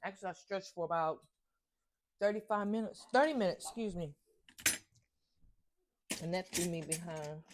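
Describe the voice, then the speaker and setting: Chatty grandmother with a low voice. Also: moderate pace, pauses often, background noise. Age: older. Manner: chatty, talks to herself while doing chores. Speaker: vlogger. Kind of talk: casual morning vlog narration. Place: home kitchen.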